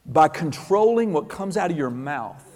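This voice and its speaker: Male pastor, high-pitched voice, animated delivery that builds to shouting, long hall reverb. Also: moderate pace. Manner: animated, rising to shouts, acts out quotes. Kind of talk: sermon.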